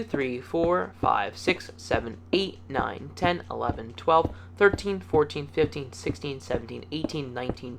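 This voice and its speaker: A man's voice: medium pitch, noisy background. A man hosting a casual video game building tutorial, upbeat and chatty, counting blocks aloud as he goes. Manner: upbeat and chatty, playful words, easygoing.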